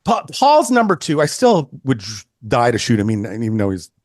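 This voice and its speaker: A man's voice: medium pitch, brisk, dry recording. Chatty man in his sixties, dry sound. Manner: animated, chatty, frequent restarts and swearing. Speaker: photographer guest. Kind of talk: casual interview storytelling.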